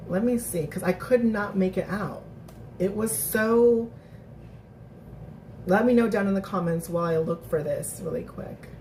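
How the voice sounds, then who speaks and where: A woman hosting a live recap stream, chatting casually to her viewers, animated and thinking out loud with lots of restarts. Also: medium pitch, a little hiss or hum. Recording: roomy, distant mic.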